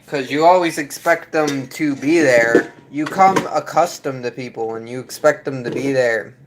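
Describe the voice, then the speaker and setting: A man's voice: medium pitch, normal speed, background noise. A man talking casually to his viewers in a mid-range voice, reading their comments as he goes. He rambles a bit, restarting sentences and filling gaps. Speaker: video creator reading chat. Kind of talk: casual live chat.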